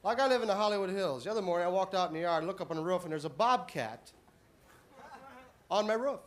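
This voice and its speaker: A man doing a stand-up comedy routine on a club stage, deadpan setups that burst into shouted punchlines. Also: sits high, fast. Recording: live club audience laughing. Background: audience laughter and applause.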